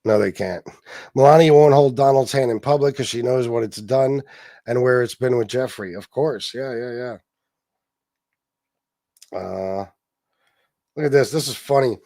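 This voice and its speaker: A man's voice: mid-range voice, warm tone. A man hosting a political livestream, chatting casually and bluntly with plenty of swearing as he reads posts aloud and answers his chat. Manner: blunt and profane, quick retorts to chat.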